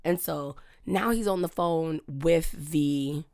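A woman's voice: low voice, takes it slowly. A woman co-hosting a podcast, telling a story in casual chat and acting out what everyone said. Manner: animated storyteller who acts out quotes, many "I'm just like". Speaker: podcast co-host.

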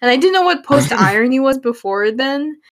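A woman's voice: sits high, lively intonation, normal speed. A woman co-hosting a podcast in casual chat, rambling with lots of "like" fillers and giggles. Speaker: podcast co-host.

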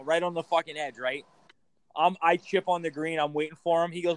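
Animated profane man telling stories. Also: on the high side, fairly quick. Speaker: podcast co-host. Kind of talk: casual chat.

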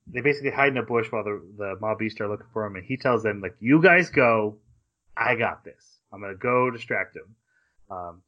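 A man with a bright, forceful voice rambles through an episode recap and drops quick quoted asides along the way. The casual podcast audio sounds a little dull and lo-fi. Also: mid-range voice. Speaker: podcast co-host.

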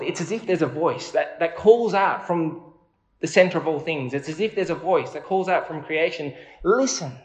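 Earnest preacher, echoey room. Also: male voice, a little high. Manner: conversational, earnest, asks the congregation questions. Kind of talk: sermon.

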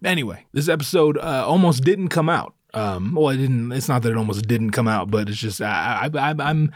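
A man's voice: mid-range voice, animated, normal speed, no echo, studio quality. A man hosting his own podcast solo, a little out of breath, talking in a profane, rambling way and making darkly self-mocking jokes. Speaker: podcast host. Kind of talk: casual solo podcast monologue.

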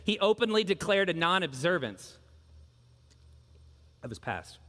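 A man's voice: high voice, very animated, measured pace, fairly bright tone, long reverb tail. A man preaching a sermon as pastor, earnest and emphatic, driving points home with repeated phrases.

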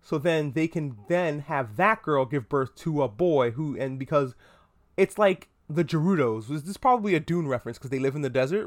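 Animated, profane male podcast host. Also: fairly high pitch. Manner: animated, profane, self-mocking. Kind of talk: comedic pop-culture podcast monologue.

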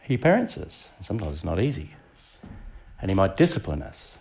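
Deep, gravelly and a touch mellow, this middle-aged Australian man's voice swings widely in pitch as he preaches at a moderate pace. A visiting preacher, he keeps things conversational and questions the congregation rhetorically.

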